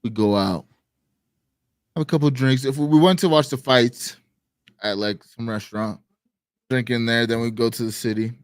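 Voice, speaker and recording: Male co-host, mid-pitch, lively raconteur who swears and shouts out quoted lines, dry studio sound. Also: moderate pace, long pauses, no room sound. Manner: animated, swears a lot, acts out quotes loudly. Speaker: podcast co-host. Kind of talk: casual storytelling chat.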